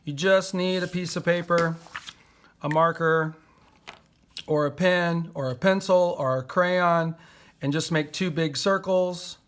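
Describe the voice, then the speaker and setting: Slow, patient man teaching poetry. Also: a little high, fairly even intonation, fairly bright tone. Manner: patient, slowly sounding out words and syllables. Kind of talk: poetry lesson for young children.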